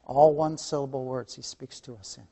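A man teaching a church Bible lesson, impassioned, swinging between loud emphatic lines and hushed asides, often repeating key phrases and calling listeners beloved. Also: medium pitch, fairly even intonation, a little fast. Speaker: Sunday school teacher.

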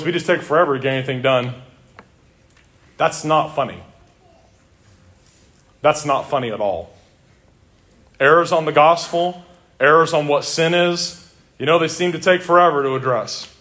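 A man preaching a sermon as pastor, emphatic, with loud declarations and low intense asides. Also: a little fast.

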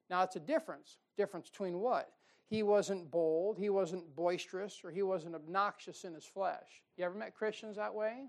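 Folksy animated male preacher. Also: high-pitched. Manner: folksy, animated, asks the congregation questions; drawls out key words for emphasis. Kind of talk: sermon.

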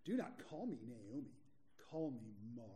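A bitter, witchy old widow speaks with a sour, accusing edge, as a preacher puts her on. The voice stays mellow and soft-toned as it reads the scripture out dramatically. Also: mid-range voice, sing-song, moderate pace, pitched below the performer's own voice, close to an everyday voice. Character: bitter witchy older woman, grieving widow.

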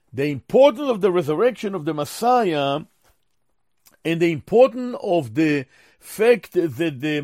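A man preaching a Bible sermon, teaching slowly and with emphasis, often addressing his listeners as beloved brothers and sisters. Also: high voice, darkish tone, dry recording, studio quality.

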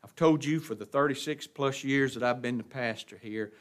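An older man, a longtime pastor, preaching a sermon: he reads scripture aloud, stops to tell listeners what to underline, and swings from loud emphatic lines to quiet asides. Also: mid-range voice, moderate pace.

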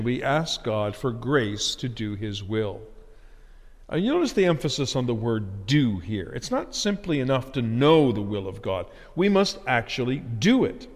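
A man preaching a sermon as pastor, earnest and building emphasis on key phrases, in a church sanctuary. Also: medium pitch. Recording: long hall reverb.

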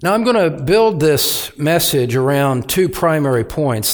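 A man preaching an expository sermon as pastor, speaking deliberately and with emphatic repetition. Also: a little high, animated.

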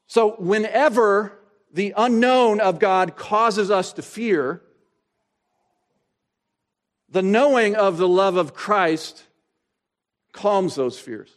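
A male pastor preaching a sermon, asking rhetorical questions and pausing for effect, slowing down to stress key phrases. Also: sits high. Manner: expository preaching, rhetorical questions, dramatic pauses.

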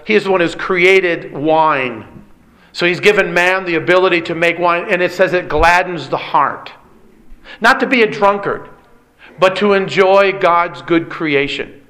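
A man's voice: sits high, unhurried, pushed and bright. A middle-aged man preaching a sermon as pastor, earnest and pleading, often asking rhetorical questions.

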